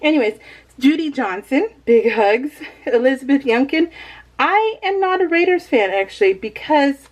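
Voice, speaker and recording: A woman's voice: high voice, lively intonation, moderate pace. Giggly woman chatting in a craft vlog. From Northern California. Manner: bubbly, giggles often between phrases; rambling, talks straight to viewers. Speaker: crafting vlogger. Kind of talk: casual chat voicing over a crafting video.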